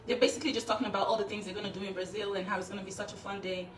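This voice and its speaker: A woman's voice: medium pitch, little pitch movement, racing, echoey room, distant mic, poor audio. A woman telling her side of a story in a defiant, earnest casual talk. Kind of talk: emotional casual talk to camera.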